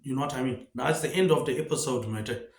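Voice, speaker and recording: Recorded in an echoey room, a fast-talking man with a mid-range voice rambles through a solo monologue. He fires off rhetorical questions and tags "mate" onto nearly every phrase.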